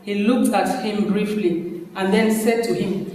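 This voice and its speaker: A man's voice: high-pitched, steady tone, unhurried, a little mellow. Man reading aloud in an echoey hall. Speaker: reader at a panel event. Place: large hall. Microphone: far from mic. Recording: echoey hall from far off, faint noise.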